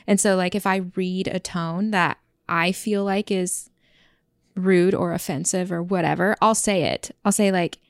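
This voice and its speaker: A woman's voice: lowish voice, fairly even intonation, a little slow, dry recording, studio quality. A woman in a casual couples chat, talking freely with lots of "like.". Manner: chatty, frequent "like" fillers.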